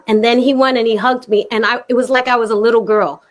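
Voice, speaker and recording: Animated woman telling a story. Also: on the high side, fast talker, hardly any pauses. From Brooklyn. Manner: expressive, laughing storyteller. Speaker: guest, actress. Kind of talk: animated anecdote in conversation.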